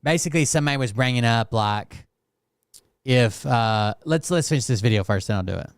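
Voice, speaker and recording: A man hosting a casual reaction commentary in a smooth, mid-pitched voice. He rambles and restarts often, stumbling over words. The sound is dry and close. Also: expressive, brisk, no room sound. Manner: rambling, hesitant, with restarts and fillers. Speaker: commentary channel host.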